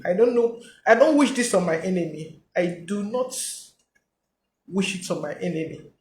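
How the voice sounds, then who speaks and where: A woman giving a personal testimony in a halting, emotional way. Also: mid-range voice, roomy sound, background noise.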